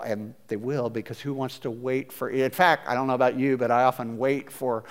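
A man preaching a conversational sermon, chatty and animated, with hesitant restarts as he talks. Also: medium pitch, normal speed, hardly any pauses. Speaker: pastor.

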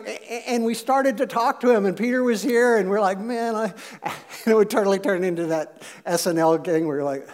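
A man's voice: high-pitched, a little mellow. A male pastor preaching a sermon in a casual, jokey way, full of filler words and asides.

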